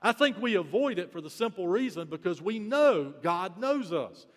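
Earnest preaching man, higher voice. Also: very animated, moderate pace. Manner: earnest, emphatic, repeats key phrases. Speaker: pastor. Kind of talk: sermon. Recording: reverberant hall.

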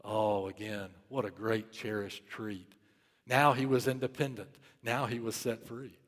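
A man's voice: fairly low pitch, little pitch movement, a little slow, a bit bright, in a large hall. A man preaching a sermon, telling a story in an urgent, emphatic way and repeating key phrases. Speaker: pastor.

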